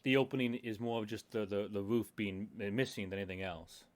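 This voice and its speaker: A man's voice: fairly low pitch, a little fast. A man running a tabletop horror game as game master, describing scenes in a rambling way full of fillers.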